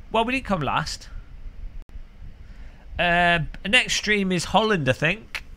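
A man streaming a racing game, joking and rambling with frequent laughs, a little hoarse after hours of talking. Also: high voice, expressive, a little slow, long pauses, bright, forceful tone. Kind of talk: live-stream gaming commentary. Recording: game car engine noise behind.

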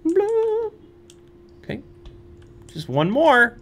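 A young man plays a horror game on his channel, muttering nervously to himself before breaking into squeals and laughter. His mid-range voice has a sing-song lilt at a normal speed, captured on a studio microphone.

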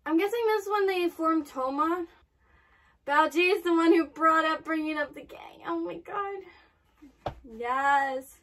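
A woman's voice: very high-pitched, unhurried, fairly bright tone, distant mic. A woman reacting aloud to an anime episode, emotional, exclaiming and trailing off mid-sentence.

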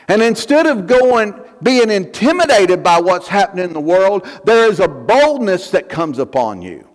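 A man's voice: sits high, big pitch swings, moderate pace, few pauses. A male pastor preaching a fervent sermon, building emphasis through repeated phrases. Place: church sanctuary. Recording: long church hall reverb.

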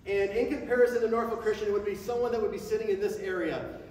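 Man, pastor preaching a sermon, quickens when passionate, very echoey church, distant mic, long reverb. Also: steady tone, darkish tone, a little hiss or hum. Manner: speeds up and rises in pitch when passionate. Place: church sanctuary before a congregation. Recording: echoey hall from far off.

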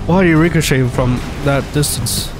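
A man's voice: a little high, moderate pace, loud music behind the voice. A man with a cold and a nasal, clogged voice, giving jokey, rambling commentary on his gameplay for viewers. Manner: jokey, rambling, talks to viewers while playing. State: stuffy nose from a cold. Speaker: gaming video host. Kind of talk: casual let's-play commentary.

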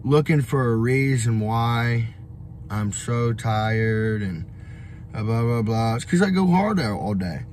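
A man's voice: mid-range voice, animated, takes it slowly, a little mellow, slight background noise. A young man vlogging on the road, giving a blunt, profane motivational rant full of fillers and restarts. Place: on the road, traveling.

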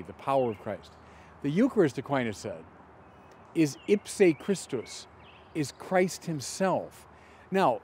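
A middle-aged man, a bishop, gives an emphatic teaching commentary outdoors in a garden, slowing down deliberately on key words. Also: mid-range voice, darkish tone, slight background noise.

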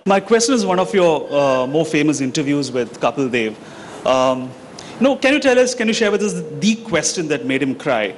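A man in the audience asks his question hesitantly, with a light teasing edge. His voice is slightly high, with a faint hum in the background. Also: sing-song, moderate pace. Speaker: audience member asking a question.

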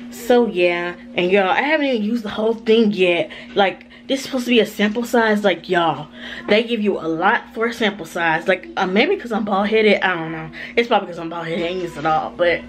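A woman with a Southern American accent talking casually to her viewers in a home vlog, animated and full of "y'all" and "like.". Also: mid-range voice, brisk. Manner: animated, addresses viewers as y'all, lots of likes. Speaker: vlogger.

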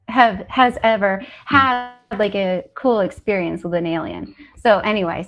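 A woman hypnotherapist telling funny stories in a casual interview, animated and laughing often as she acts out quotes. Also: medium pitch. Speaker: hypnotherapist guest.

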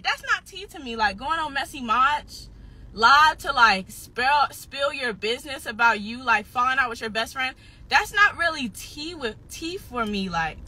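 A woman's voice: high-pitched, pushed and bright, husky. A nineteen-year-old woman venting on a livestream, upset and defensive, swearing heavily and repeating herself, close to tears at times. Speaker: social media personality.

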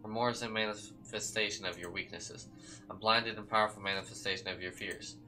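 A smug, scheming old doctor who lectures calmly, as a man reads him. His voice is lowish yet very bright and forceful. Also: a little fast, low-quality recording. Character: cold older male doctor, scheming and smug.

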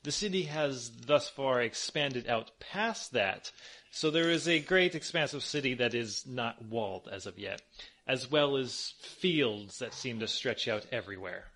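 A man with a put-on Russian accent, narrating a tabletop game as game master in a relaxed, rambling way. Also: medium pitch, unhurried. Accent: fake Russian accent.

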